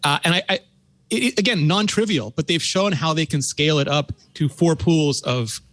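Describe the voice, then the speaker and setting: Fast-talking man with a slightly high voice. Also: a bit bright, no room sound. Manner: fast, technical, laughs often. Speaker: panelist. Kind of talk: casual tech podcast discussion.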